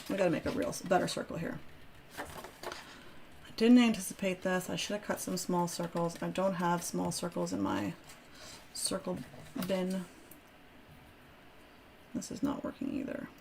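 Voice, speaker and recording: A woman with a lowish, fry-tinged voice hosts a live crafting stream, chatting casually and poking fun at herself as she narrates her work. There is slight background noise.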